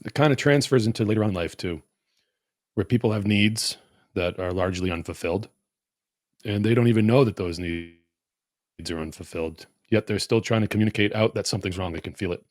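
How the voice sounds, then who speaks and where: A man's voice: on the low side, brisk, darkish tone, dry recording, studio quality. A man in a podcast roundtable, talking in an earnest, reflective and philosophical way. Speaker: podcast guest. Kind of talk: casual roundtable chat.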